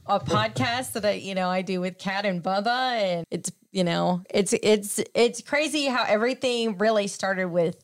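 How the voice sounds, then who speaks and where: A woman's voice: mid-range voice, normal speed, few pauses. A woman blogger and podcast host telling stories in casual panel chat, laughing easily. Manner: chatty storyteller, laughs often.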